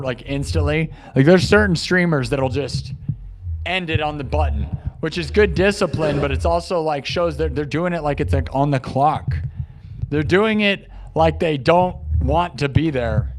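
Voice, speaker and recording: Excitable rambling male streamer. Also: fairly high pitch, moderate pace. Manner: rambling, excitable, talks to chat. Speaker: live streamer. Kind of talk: casual live stream chat.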